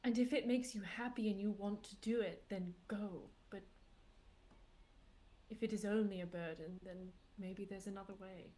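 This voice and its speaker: A woman player speaking in character during a tabletop game, in a gentle, coaxing way. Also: medium pitch, fairly even intonation, normal speed.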